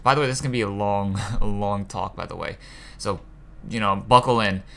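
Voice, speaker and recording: A man's voice: lowish voice, brisk, vocal fry, fairly bright tone. A young man hosting a gaming channel, ranting casually about a game's story, frustrated and profane, with rambling asides. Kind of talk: casual rant about a game.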